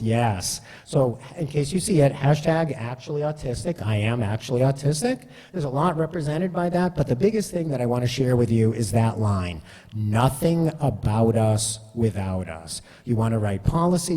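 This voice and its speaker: Chatty man in a reverberant hall. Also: mid-range voice. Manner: chatty, self-deprecating, animated. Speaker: speaker. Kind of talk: storytelling talk.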